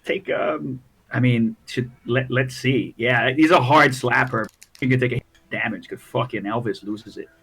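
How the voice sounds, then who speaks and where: A man's voice: mid-range voice, measured pace, fairly bright tone, slightly rough. A man running a tabletop game as dungeon master, narrating loosely with swearing and restarts.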